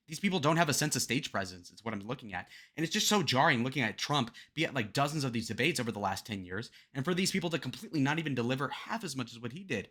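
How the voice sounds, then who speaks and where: A man's voice: medium pitch, expressive, quick pace, few pauses, sharp tone. A young man hosting a reaction commentary on political debate clips, profane and mocking as he rants.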